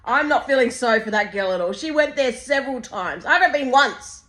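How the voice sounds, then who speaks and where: A woman's voice: high-pitched, expressive, brisk, fairly bright tone. A woman co-hosting a casual chat, blunt and sarcastic with some swearing. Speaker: podcast co-host.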